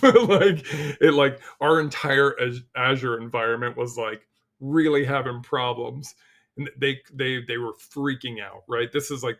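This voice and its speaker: A middle-aged man, a guest on a podcast, telling stories in a casual, animated way, full of "like" and restarts, and acting out quotes. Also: medium pitch. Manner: animated storyteller, acts out quotes, frequent "like" and restarts. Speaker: podcast guest, cybersecurity leader. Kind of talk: casual interview chat.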